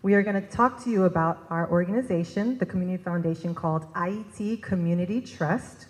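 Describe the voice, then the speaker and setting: A woman's voice: on the low side, fairly quick. A woman co-presenting at a conference, reading prepared remarks and leading the audience in repeating a phrase. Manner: reads prepared text, leads the audience in repeating. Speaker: executive director, co-presenter. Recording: reverberant hall.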